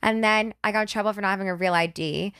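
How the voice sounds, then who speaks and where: A young woman from New Jersey hosts a podcast with casual chat, drifting through a long story with quick asides. Her voice is smooth and clear. The sound is close and dry, with no room echo. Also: medium pitch, fairly even intonation, a bit bright. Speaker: podcast host.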